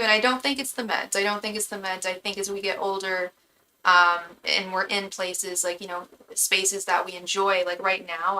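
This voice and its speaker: A woman's voice: lowish voice, sharp tone, slight background noise, low-quality recording. A woman tarot reader giving a live reading to her chat in a casual, chatty way, often stumbling and repeating words as she talks.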